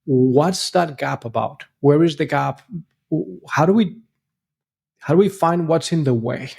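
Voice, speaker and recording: A man's voice: fairly high pitch, unhurried, gravelly, a little mellow, breathy edge. A man co-hosting a podcast, speaking earnestly and reflectively with frequent restarts. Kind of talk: movie discussion podcast.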